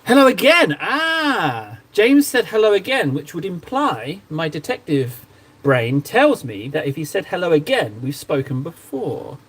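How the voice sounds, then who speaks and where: A man hosting a relaxed livestream, joking and teasing himself as he reads chat. His delivery bounces around with a lively, wide-ranging pitch. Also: unhurried, breathy edge. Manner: playful, self-mocking, jokey banter. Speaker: livestream host painting miniatures. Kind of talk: casual livestream chat, reading out chat.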